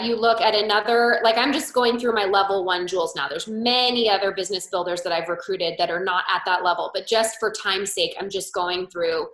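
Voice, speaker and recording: A woman with a bright, forceful voice coaching her sales team on a call. She talks in a chatty, storytelling way and acts out the back-and-forth of past conversations. The sound comes through with a noticeable echo of the room around her. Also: mid-range voice. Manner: chatty storytelling, acting out quoted dialogue. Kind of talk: motivational sales coaching talk.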